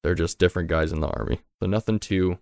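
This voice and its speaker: A man's voice: low voice, fairly even intonation, fast, darkish tone, clear, resonant tone, dry recording, studio quality. A man narrating a tabletop game as game master, in a loose, conversational way and casually swearing.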